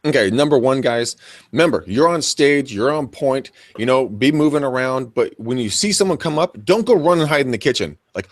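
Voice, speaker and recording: A man's voice: mid-range voice, lively intonation, a little fast, no echo, studio quality. A man, a real estate agent co-hosting a show, coaching listeners with energy and acting out both sides of conversations with buyers. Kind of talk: energetic coaching talk with acted dialogue.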